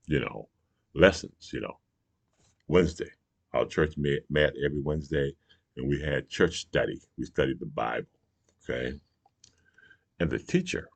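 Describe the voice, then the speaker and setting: A man hosting his own morning talk show, telling stories in a rambling, folksy way, often dropping "you know" and "okay?". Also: dry recording. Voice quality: very deep, gravelly and husky. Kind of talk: casual monologue storytelling.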